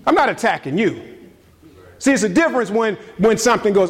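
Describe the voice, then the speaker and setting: A man preaching a sermon as pastor, animated and often repeating words as he builds his point, in a church. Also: high voice, brisk, slightly rough.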